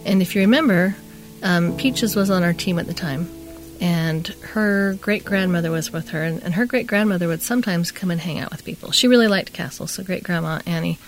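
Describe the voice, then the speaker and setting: A middle-aged woman with a lowish, gravelly voice spins a chatty, rambling story on a talk show. She slips into the voices of the people she quotes, and faint music plays behind her. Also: fairly quick. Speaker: podcast co-host telling a story. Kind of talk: casual storytelling.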